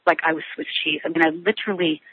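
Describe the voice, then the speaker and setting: A middle-aged woman speaks as a guest in an interview, and her voice sounds husky. She talks haltingly, restarting and filling gaps. The sound comes through a narrow, tinny phone line. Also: deep voice, steady tone. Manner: halting, many restarts and fillers. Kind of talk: telling a personal story in an interview.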